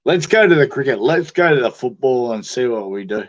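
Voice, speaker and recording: A man's voice: medium pitch, expressive, a little fast. Crude Australian man, lo-fi stream audio. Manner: crude, swears a lot, laughs easily. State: drunk. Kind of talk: casual banter.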